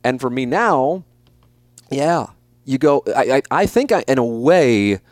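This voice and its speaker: A man's voice: medium pitch, lively intonation, a little slow, no room sound, clean studio sound. A man in his forties hosting a podcast, answering listener questions in a blunt, emphatic and profane way, often repeating his points. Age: 40s. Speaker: podcast host.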